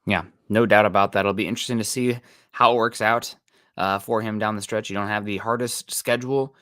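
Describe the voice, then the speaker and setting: Easygoing male sports podcast host, low bright voice. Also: fairly even intonation, fairly quick, no echo, clean studio sound. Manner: easygoing, greets viewers and reads their comments. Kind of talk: casual live-stream sports chat.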